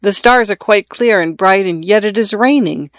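A fussy, self-important little swallow, as a man reads him out. The voice sits high for a man and carries a prim, particular edge. It sounds close and dry, with no room around it. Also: moderate pace, fairly bright tone, no echo.

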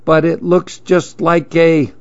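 A gentle, wide-eyed little male mouse, as a man puts him on for a storybook, his voice lifted higher and softer than a grown man's. He muses slowly and wonderingly. The recording is dry and a little dull. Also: little pitch movement, no echo. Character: timid dreamy male mouse, curious and gentle. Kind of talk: storybook read-aloud.

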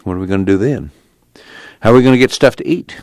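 A man's voice: lowish voice, quick pace, darkish tone, no room sound, close to an everyday voice. A man voicing a tired, beaten-down farm father who talks in a mournful rural dialect. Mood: weary.

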